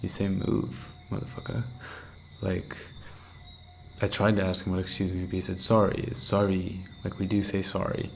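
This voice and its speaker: A young man recording a candid night-time video diary, rambling and intense, swearing freely and sometimes dropping into a hushed half-whisper. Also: little pitch movement, moderate pace, pauses often, slight background noise, poor audio. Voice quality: gravelly, low-set voice. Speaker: vlogger.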